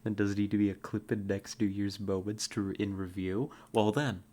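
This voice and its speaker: A woman streaming a game, chatting casually and excitedly, laughing often and making playful growling noises. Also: very deep voice, moderate pace. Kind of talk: casual live-stream commentary.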